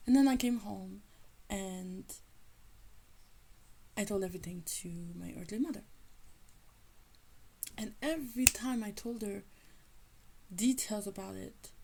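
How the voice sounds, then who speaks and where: A woman telling a personal faith testimony in an animated storytelling manner, often acting out the people in her story. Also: medium pitch, a little slow, gravelly, long pauses, breathy edge, low-quality recording. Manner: animated, acts out quoted people. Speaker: faith teacher sharing a testimony.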